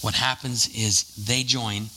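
A man's voice: on the low side, fairly even intonation, takes it slowly, pushed and bright, slight background noise, poor audio. A man preaching a casual, conversational sermon, full of jokey asides and fillers.

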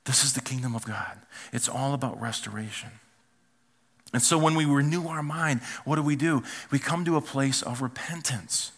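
A man preaching a sermon as pastor, animated, acting out quoted voices and dropping to quiet asides. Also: medium pitch, normal speed.

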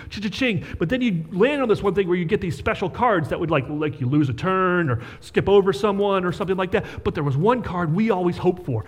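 A man's voice: high voice, in a large hall. A man preaching a sermon as pastor, talking conversationally and checking in with rhetorical questions.

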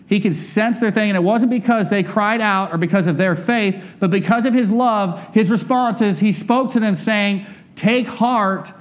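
A man preaching a conversational sermon, candid and personal, often turning to ask his listeners questions. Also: sits high.

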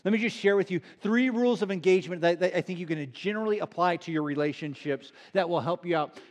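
A middle-aged man preaching a sermon, earnest and emphatic, repeating key phrases and drawing them out slowly. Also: high-pitched. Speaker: pastor.

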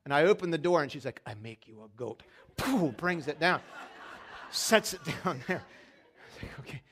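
Man, pastor, church sermon, slightly higher voice, chatty, asks the room questions. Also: lively intonation, moderate pace, a bit bright. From Pennsylvania. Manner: conversational, interactive, asks the congregation questions; storytelling with humor. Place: church sanctuary during a service.

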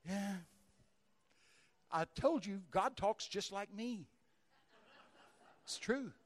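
A man preaching a charismatic healing sermon and praying, fervent and emphatic, telling stories with loud exclamations. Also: fairly high pitch.

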